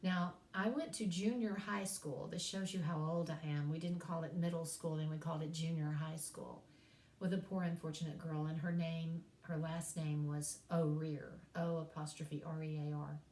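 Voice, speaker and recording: In this echoey recorded lecture, a woman with a low, slightly mellow voice speaks at normal speed with fairly even intonation. She's a college English teacher from East Tennessee, spinning folksy classroom tales and poking fun at herself.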